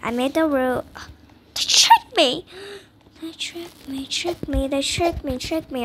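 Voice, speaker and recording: Over heavy background noise, a high-pitched female gamer takes her time narrating a horror escape game. Her casual commentary is jittery and dramatic, dropping to whispers one moment and rising to squeals the next.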